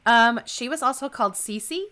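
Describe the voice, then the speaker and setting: A woman's voice: on the high side, moderate pace, pushed and bright. A woman co-hosting a podcast in casual chat, chatty, giggly and self-deprecating. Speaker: podcast co-host.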